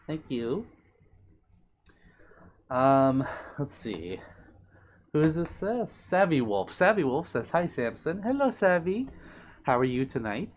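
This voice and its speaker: A young man on a live stream, reading viewer comments aloud and answering them in a gentle, apologetic way. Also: medium pitch, a little hiss or hum. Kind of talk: casual live-stream chat.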